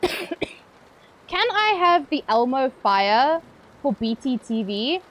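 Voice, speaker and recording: A woman's voice: high voice, big pitch swings, takes it slowly. A young woman streaming live, chatting playfully with her viewers, swearing casually and laughing often.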